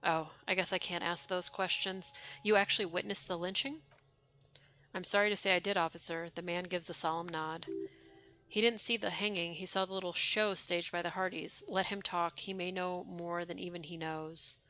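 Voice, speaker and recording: Young woman streaming a game, low-ish but bright voice, wry chatty commentary. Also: steady tone, moderate pace. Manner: chatty, wry, reads game text aloud. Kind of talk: live game playthrough, reading dialogue aloud.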